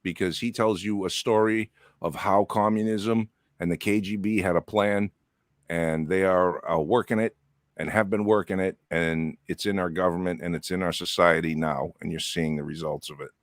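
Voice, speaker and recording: A man's voice: deep voice, fairly even intonation, moderate pace, dry recording, studio quality. A man co-hosting a live stream, reading out viewer comments and giving earnest commentary. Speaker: co-host.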